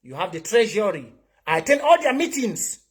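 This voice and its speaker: A man's voice: sits high, sing-song, moderate pace, breathy edge. A man with a Cameroonian accent, giving an impassioned livestream political monologue that slips into Pidgin and repeats his points. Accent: Cameroonian English and Pidgin. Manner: impassioned, preachy, repeats himself. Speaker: online political commentator.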